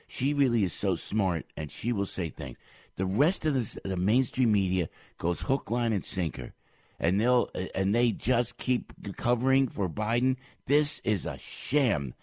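A middle-aged man, a stage comedian, delivering a heated political rant, indignant and repeating himself, his voice leaping up and getting loud when riled. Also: lowish voice, dry recording, clean studio sound. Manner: repeats phrases, restarts sentences.

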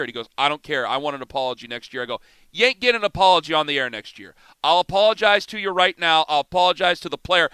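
A middle-aged man hosting sports talk radio, telling a story in an animated, self-mocking way. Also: high-pitched, clear, resonant tone, no room sound. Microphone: studio microphone.

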